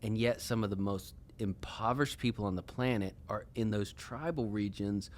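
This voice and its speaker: A man's voice: fairly low pitch, normal speed, a little hiss or hum. A man hosting a podcast who chats casually, jokes around and asks his guest follow-up questions. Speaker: podcast host. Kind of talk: casual interview chat.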